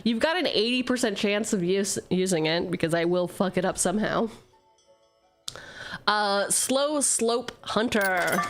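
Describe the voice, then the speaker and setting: A woman's voice: medium pitch, a little slow, soft background music. Playful swearing woman streamer. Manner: playful, self-mocking, swears freely, jumps between jokes and reading. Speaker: streamer opening card packs. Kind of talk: casual live-stream chatter, reading card text aloud.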